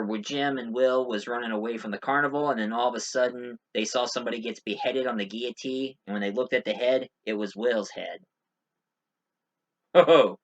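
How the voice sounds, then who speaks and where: A man's voice: medium pitch, a bit bright, muffled recording. A man giving a casual spoken movie review, rambling with many fillers and restarts.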